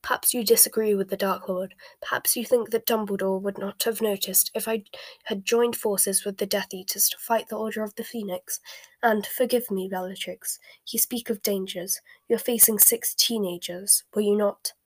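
A woman reading a calculating male dark wizard aloud in a soft, whispered storybook voice, with a smooth, measured manner. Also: medium pitch, fairly even intonation, no room sound, natural voice. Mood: cold.

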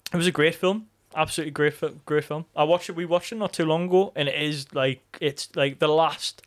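A man co-hosting a podcast in casual chat, animated, swearing freely and laughing often. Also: on the high side, brisk. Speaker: podcast co-host.

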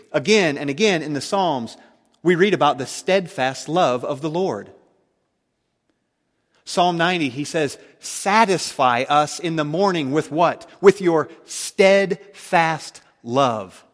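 A man preaching a sermon, emphatic, swinging between loud declarations and hushed tones. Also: a little high, in a large hall.

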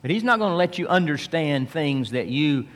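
A man preaching from the Bible, reading verses slowly and then explaining them in plain speech. He rises for emphasis and drops low and soft. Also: animated, big-room sound. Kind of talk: expository Bible teaching.

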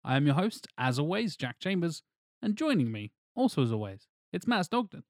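A man's voice: a little high, very animated, brisk, darkish tone, dry recording, studio quality. A man hosting a casual podcast, joking with his co-hosts and reading out supporter names. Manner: jokey, reads out supporter names. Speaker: podcast host.

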